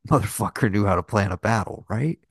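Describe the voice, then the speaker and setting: With a fairly low pitch, a breathy edge, and a moderate pace, a man co-hosts a podcast about films. He rambles and swears, leaning heavily on "like" and other fillers, and the studio sound is clean with no echo.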